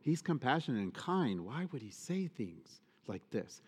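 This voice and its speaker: A male priest giving a sermon, expressive and emphatic, often asking the congregation rhetorical questions. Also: mid-range voice, a little slow, breathy edge. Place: church. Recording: long church reverb.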